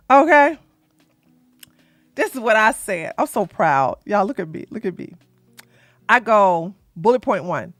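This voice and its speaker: A woman doing drama commentary in a loud, animated, sassy way, often laughing and shouting. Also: mid-range voice, slow, long pauses, no echo, soft background music.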